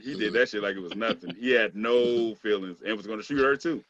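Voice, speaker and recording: A man's voice: fairly low pitch, a little fast, dry recording, highs cut off. A man co-hosting a casual podcast, mocking scenes from a TV episode and acting out the characters' lines. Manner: animated, mocking, quotes characters with laughter. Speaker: podcast co-host. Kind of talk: casual group chat reviewing a TV episode.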